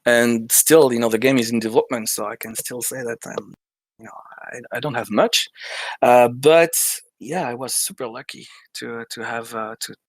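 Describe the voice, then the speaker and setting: A French indie game developer with a French accent chats in a casual interview, his mid-range voice steady and moderately paced on a dry recording. He's hesitant, restarting often and laughing a lot.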